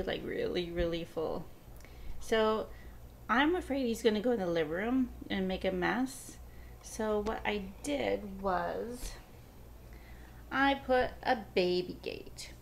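Slow-talking woman cooing at her pets. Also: medium pitch, creaky, slight background noise. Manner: sing-song coaxing talk to pets. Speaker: pet vlogger. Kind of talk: casual pet vlog narration. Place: home kitchen.

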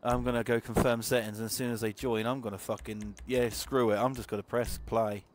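A man streaming a racing game live, chatting loosely and excitably to viewers and swearing often as he plays. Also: mid-range voice, fairly quick. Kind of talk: casual live-stream commentary while playing. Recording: racing game noise loud behind the voice. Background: game engine and car sounds.

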